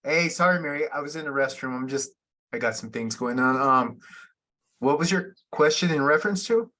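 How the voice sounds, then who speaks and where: Bright-voiced apologetic male student. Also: on the high side, normal speed. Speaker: student author. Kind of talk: casual classroom answers.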